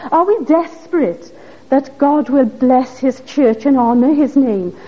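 A woman's voice: sits high, measured pace, dark tone. A woman preaching a sermon, pressing her listeners with earnest, pleading questions. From Wales. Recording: dull lo-fi recording.

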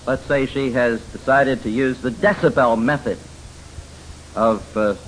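Folksy, emphatic Christian counselor. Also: male voice, mid-range voice, unhurried, slight background noise, rough recording. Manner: emphatic, folksy storytelling with many fillers. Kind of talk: teaching lecture.

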